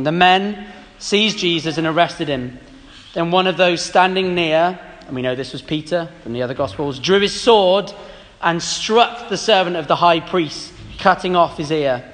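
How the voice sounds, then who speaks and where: A man's voice: on the high side, fairly bright tone, in a large hall. A man giving a sermon, reading scripture passages aloud and commenting on them with rhetorical questions. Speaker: preacher.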